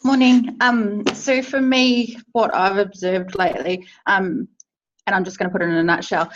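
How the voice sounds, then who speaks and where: New Zealand woman, casual check-in, hesitant, low-pitched, dull lo-fi call audio. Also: fairly even intonation, normal speed, slight background noise. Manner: hesitant, many fillers. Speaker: team member in a check-in.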